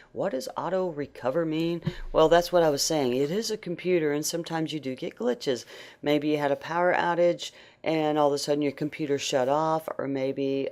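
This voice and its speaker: A woman leading a casual software tutorial, chatty with many fillers and restarts, her voice worn by allergies. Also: low voice. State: allergies, voice going in and out. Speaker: computer skills instructor. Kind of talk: screen-share software tutorial.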